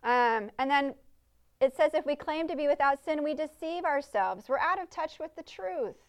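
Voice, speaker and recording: A woman's voice: high voice, expressive, moderate pace. A woman preaching a conversational sermon in a church service, earnest and chatty, often asking the congregation questions.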